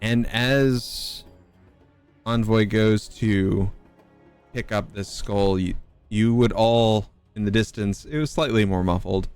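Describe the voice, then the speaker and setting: A man running a tabletop game as game master, narrating in a halting way with many fillers. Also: lowish voice, a little mellow, clear, resonant tone, soft background music. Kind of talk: casual chat and game narration.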